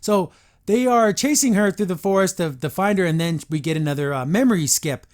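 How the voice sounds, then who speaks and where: A man hosts a podcast, reviewing an episode in casual, opinionated chatter. His voice sits slightly high, and he often jumps into lively put-on character lines before dropping back into commentary. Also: brisk.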